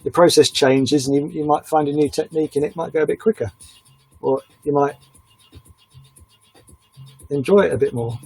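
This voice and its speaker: A man's voice: on the high side, moderate pace, long pauses, a little mellow, slightly rough, dry recording, faint music behind, rough recording. A man chatting casually on a live stream while he airbrushes, a rambling self-confessed oversharer.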